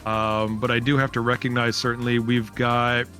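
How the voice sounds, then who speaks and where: A man calls an online spaceship race live in a chatty, upbeat way, piling in fillers as he reads out lap times. His voice sits at an ordinary pitch, with faint music playing behind him. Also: little pitch movement, moderate pace, pushed and bright. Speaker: race commentator. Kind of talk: live esports commentary.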